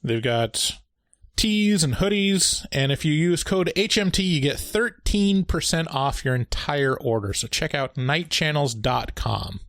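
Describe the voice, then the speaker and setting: A man's voice: a little high, lively intonation, a little slow, fairly bright tone, no room sound, studio quality. A man co-hosting a horror movie podcast, reading show announcements and sponsor plugs in an easygoing way. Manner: easygoing, reads plugs and listings. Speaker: podcast co-host. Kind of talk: casual chat and show announcements.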